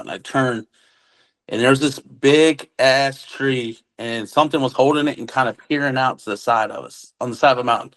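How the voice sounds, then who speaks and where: A man of ordinary pitch telling a story in a loose, conversational way. He slips into the voices of the people he is quoting and drops casual military slang as he goes. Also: normal speed, poor audio. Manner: acts out quoted dialogue, relaxed military slang. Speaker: witness recounting an encounter.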